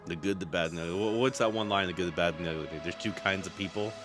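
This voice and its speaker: A man co-hosting a casual podcast, animated and jokey, quick to agree and jump in. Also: low-pitched, over music. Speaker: podcast co-host. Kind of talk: casual chat.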